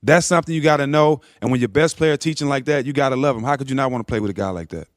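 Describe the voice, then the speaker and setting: Fast-talking former ballplayer, dry studio sound. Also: male voice, medium pitch, dry recording. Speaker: guest, former basketball player. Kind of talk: casual sports talk.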